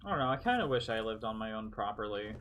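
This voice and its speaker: A man's voice: fairly low pitch, very animated, quick pace, a bit bright, slight background noise. A young man streaming a game, rambling offhandedly and swearing casually as he plays. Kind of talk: casual gameplay commentary.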